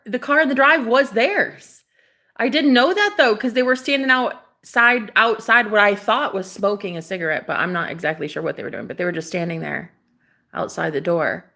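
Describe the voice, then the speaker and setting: Gravelly-voiced young woman telling a story. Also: mid-range voice. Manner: animated, swears freely, acts out quotes. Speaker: vlogger. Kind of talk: casual storytime vlog.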